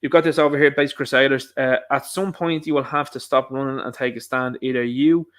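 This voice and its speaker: A young Irish man hosting a solo podcast, talking in a rambling, emphatic way with quick asides. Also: mid-range voice, steady tone, fairly bright tone. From Ireland. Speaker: podcast host. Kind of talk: solo commentary monologue.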